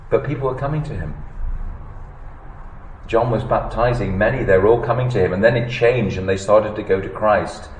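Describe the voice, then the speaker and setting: A male preacher. His voice sits a little low, and he drops to near-whispers before rising to emphatic peaks. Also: normal speed, reverberant, a little hiss or hum, low-quality recording. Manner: animated preaching, swinging between hushed and emphatic. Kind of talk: sermon.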